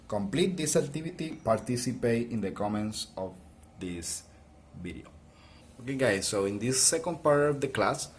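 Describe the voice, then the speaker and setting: Slow, patient male English teacher. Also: mid-range voice, a little hiss or hum. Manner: slow, patient explaining with many restarts. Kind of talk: recorded video lesson.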